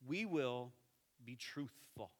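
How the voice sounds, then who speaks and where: A man preaching a sermon as pastor, conversational and animated, dropping to soft tones for emphasis. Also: mid-range voice, slow pace. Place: church sanctuary. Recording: reverberant hall.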